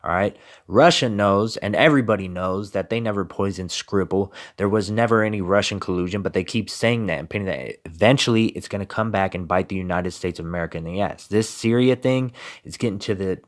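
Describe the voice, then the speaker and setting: A man's voice: on the low side, a little fast. A man giving emphatic political commentary and reading scripture, with repeated rhetorical questions. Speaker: religious commentator.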